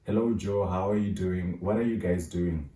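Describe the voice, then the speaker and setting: A man voicing a stern male high school principal who scolds students. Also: normal speed, mellow, close to an everyday voice. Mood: scolding. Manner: scolding, demanding. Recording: roomy echo, mic at a distance.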